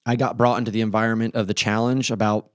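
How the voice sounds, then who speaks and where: A man's voice: lowish voice, level tone, fast, no echo, clean studio sound. A male podcast host talking casually and earnestly, blunt and swearing now and then.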